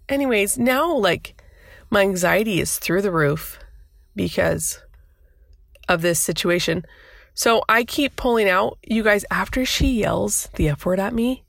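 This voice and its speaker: A woman's voice: mid-range voice, a little slow, gravelly, a bit bright, dry recording, studio quality. A woman in her thirties hosting a podcast, telling a personal story in an emotional, flustered, rambling way. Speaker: podcast host.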